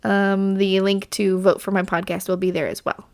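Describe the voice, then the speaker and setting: A woman's voice: mid-range voice, level tone, moderate pace, creaky, darkish tone, clean tone. A woman hosts her podcast in a loose, rambling solo chat. Her voice is scratchy from allergies, and her talk is full of fillers and side turns. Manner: rambling, chatty, with many fillers. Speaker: podcast host.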